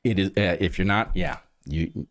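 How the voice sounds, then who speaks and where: A man's voice: low voice, normal speed, no echo. A man co-hosting a podcast, chatting casually in a rambling, self-deprecating way, jet-lagged and a bit discombobulated. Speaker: podcast co-host. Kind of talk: casual chat.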